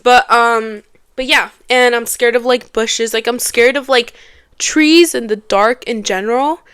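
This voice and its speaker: A woman's voice: a little high, fairly even intonation, unhurried, a bit bright, smooth, no room sound. A young woman hosting a casual podcast from her living room, chatty and laughing often. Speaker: podcast host. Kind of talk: casual chat.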